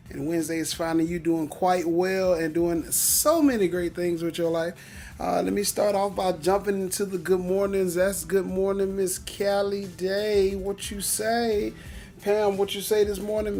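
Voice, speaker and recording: A man in his thirties hosts a morning livestream from home, his voice sitting a bit high for a man. He speaks with a casual lilt, repeats his greetings over and over, and leans on "uh" fillers as he builds toward an encouraging message. The sound is that of a webcam or phone mic. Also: creaky. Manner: energetic, repetitive greetings, frequent "uh" fillers. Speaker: livestream host. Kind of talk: upbeat morning livestream motivational talk. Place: indoors, home.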